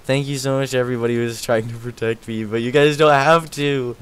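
An excitable young man talks through a live game stream, chatting with viewers and laughing often. His mid-range voice sounds tired and worn out, and he jumps to yelps and shouts when something startles him. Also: mid-range voice, quick pace, clear, resonant tone. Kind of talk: casual live-stream chat.

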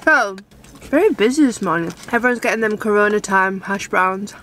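A woman's voice: medium pitch, lively intonation, moderate pace, a bit bright, a little hiss or hum. A woman chatting casually and playfully to her camera as a dog-owning vlogger, swearing often. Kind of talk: casual vlog chat. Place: in a car and outdoors in snow. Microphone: handheld camera.

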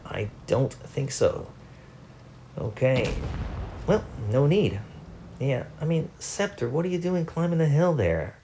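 A man's voice: mid-range voice, expressive, slow, mellow, faint music behind. A young man, host of a gaming channel, giving chatty, self-mocking commentary over his own gameplay.

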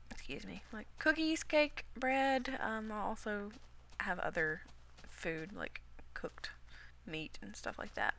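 Young woman, home gaming commentary, slow and rambly, bright fry-laced voice, post-illness cough. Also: medium pitch, a little hiss or hum. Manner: rambling and chatty, talks to herself while playing. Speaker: gaming video creator. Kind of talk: casual Minecraft commentary.

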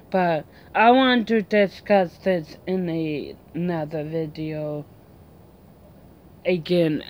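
A woman's voice: deep voice, darkish tone, a little hiss or hum. A woman vlogging outdoors at home in a casual, rambling chat full of fillers and restarts.

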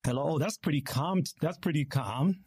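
A man's voice: fairly high pitch, moderate pace, darkish tone, husky, no echo, clean studio sound. A man from New York hosting an interview, friendly and enthusiastic as he chats with his guest. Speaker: host. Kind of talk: casual interview conversation.

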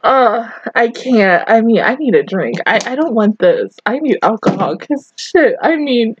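Brief: excitable young woman reacting to anime, high voice, slightly muffled dry recording, rambling and cursing. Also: measured pace, noisy background. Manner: excitable, emotional, rambling and swearing. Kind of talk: casual reaction commentary.

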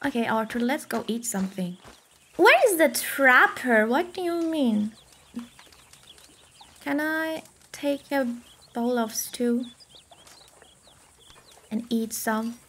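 Excitable high-voiced woman game streamer. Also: takes it slowly, pauses often, slight background noise. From Iran. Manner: excitable, swears and exclaims often. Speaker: let's play streamer. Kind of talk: casual gameplay commentary.

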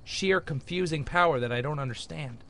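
A man's voice: on the high side, normal speed, a bit bright. A young man commentating his gameplay in a jokey, rambling way with frequent exclamations. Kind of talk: let's play commentary.

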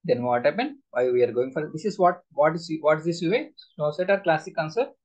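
A man's voice: on the high side, animated, quick pace, muffled recording. A man teaching a live SQL class, quizzing students with repeated questions. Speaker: SQL instructor.

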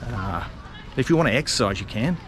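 A middle-aged Australian travel vlogger talks his way through a casual walking vlog in a city park, rambling and chatty, full of fillers and restarts. His voice is medium in pitch, lively in intonation, and fairly quick. Street and traffic noise from outside runs under the recording.

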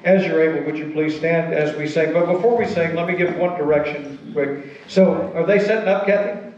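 A male pastor delivers his sermon in a folksy, conversational manner, his voice sitting a little high for a man. He is caught from a distance in a church sanctuary, so the sound rings with heavy echo and comes through a little dull. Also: moderate pace, a little mellow, slight background noise.

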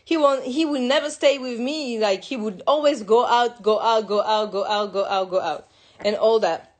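A fairly high-voiced young woman from France tells her own story in English, her first language being French. She talks haltingly, circling back and repeating words as she goes. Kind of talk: personal confessional monologue.

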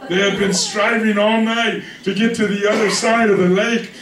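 A man's voice: high voice, steady tone, moderate pace, fairly bright tone. A man preaching a sermon as pastor, conversational and joking, often checking in with his congregation. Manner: conversational, joking, keeps asking "you with me?". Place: church hall with congregation. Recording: echoey hall from far off, congregation.

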